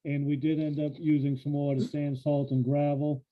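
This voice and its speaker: A man briefs a town council on public works matters in a steady, matter-of-fact way with a few fillers. His voice sits a little high. It comes through a thin, phone-like line. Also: brisk. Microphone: phone or call line. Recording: tinny phone-line audio.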